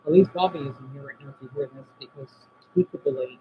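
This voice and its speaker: A man chatting casually on a live stream from home, answering viewers' comments and often trailing off quietly. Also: mid-range voice, a little fast, slight background noise. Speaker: livestream host reading chat. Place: indoors at home by a window. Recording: dull lo-fi stream audio.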